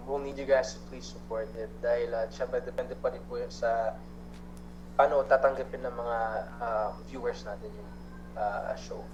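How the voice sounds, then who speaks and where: A man's voice: medium pitch, muffled recording, slight background noise. A young man with a Filipino accent, answering interview questions earnestly, switching between English and Tagalog with hesitant fillers. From Philippines. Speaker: guest actor. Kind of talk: casual interview chat.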